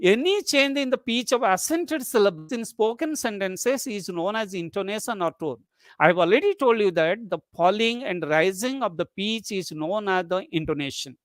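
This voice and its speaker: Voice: mid-range voice, animated, moderate pace, no echo. A lecturer giving an academic webinar talk, explaining things step by step and restating each definition. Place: online webinar.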